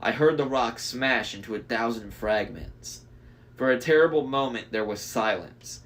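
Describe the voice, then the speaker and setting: A man reads a novel aloud in a mid-range voice. He pauses for casual comments and backs up to reread lines after slips. It sounds like a relaxed read-aloud. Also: medium pitch. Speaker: reader.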